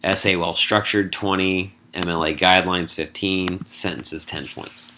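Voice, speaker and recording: Man, low voice, bright sound, casual lecture, wry asides, brisk lists. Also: fairly even intonation, a little hiss or hum. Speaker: college English instructor. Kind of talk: recorded lecture explaining an assignment.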